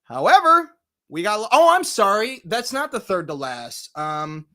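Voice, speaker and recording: A man hosting a live movie review countdown in a casual, excitable way, with loud bursts and quick low asides. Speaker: movie review show host.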